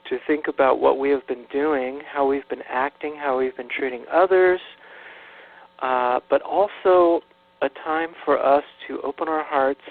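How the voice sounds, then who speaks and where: A man speaking as a guest minister in a radio interview, earnest and hesitant, with many fillers and restarts. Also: medium pitch. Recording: tinny phone line with mains hum.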